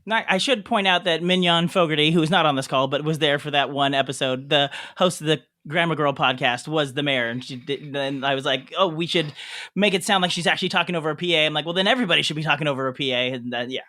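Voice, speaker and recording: A man's voice: fairly high pitch, quick pace, bright, forceful tone. A man hosting a podcast reunion, chatty and laughing often as he chats casually. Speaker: podcast host. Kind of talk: casual chat.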